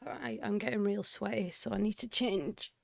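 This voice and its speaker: A woman chatting casually on a stream, making brief, quiet remarks. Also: medium pitch, moderate pace, vocal fry, dry recording. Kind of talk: casual chat.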